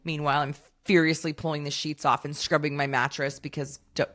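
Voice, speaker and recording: Woman in her thirties, podcast co-host, rambling storyteller, lowish voice, laughs a lot. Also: level tone, brisk, a bit bright. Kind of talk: casual chat.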